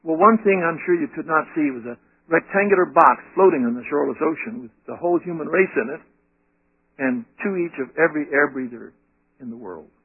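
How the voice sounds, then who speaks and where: A man preaching a sermon, asking the audience rhetorical questions in an animated way. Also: on the high side, fairly quick, husky, dry recording, narrow, tinny audio.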